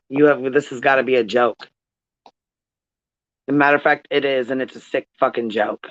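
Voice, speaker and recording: A man's voice: mid-range voice, fairly even intonation, normal speed, long pauses, dry recording. A man hosting a commentary channel, venting in an angry rant with heavy swearing and repeated phrases. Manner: angry, profane, repetitive. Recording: dull lo-fi audio.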